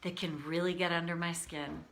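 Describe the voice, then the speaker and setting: A woman coaching viewers on a livestream, candid and animated, speaking to them by name. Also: fairly low pitch, moderate pace, creaky. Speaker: tapping coach.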